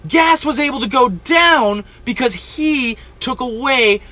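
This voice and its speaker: A man's voice: very high-pitched, expressive, takes it slowly, sharp tone. Furious, profane young man ranting. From New Jersey. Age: 20s. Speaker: podcast host. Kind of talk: angry storytelling rant.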